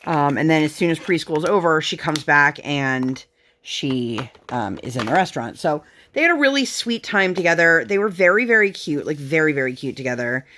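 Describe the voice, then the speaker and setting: A woman's voice: sits low, lively intonation, moderate pace, a bit bright, slight background noise. A woman in her thirties chatting casually while crafting, telling family stories with lots of fillers and laughter. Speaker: crafting vlogger.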